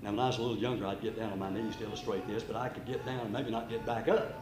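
An older man preaching a sermon, telling a story with dramatic swings between loud and hushed. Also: on the low side, steady tone, racing, noisy background. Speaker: pastor. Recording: echoey room.

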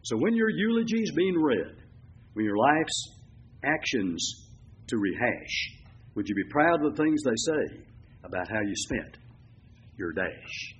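Older male preacher, emphatic sermon delivery with big pitch swings, slightly dull church recording. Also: sing-song, a little slow, long pauses. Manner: emphatic preaching, swinging from loud declarations to low asides.

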